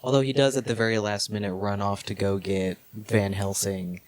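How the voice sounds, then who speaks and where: A man's voice: lowish voice, fairly even intonation, normal speed, dry recording. Joking male podcast co-host, dry sound. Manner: joking, rambling with frequent "like". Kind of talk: casual movie review chat.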